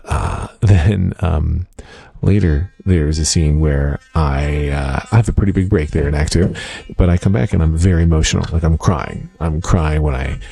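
A man's voice: a bass voice, moderate pace, creaky, warm tone. A middle-aged man hosting a casual solo diary podcast from his home office, rambling in a wry, self-mocking way with plenty of uh fillers. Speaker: podcast host.

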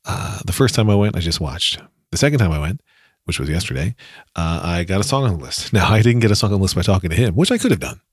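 A man's voice: sits low, animated, quick pace, husky, no echo, studio quality. A man hosting his own podcast, telling a rambling, self-deprecating story in a casual solo monologue. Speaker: podcast host.

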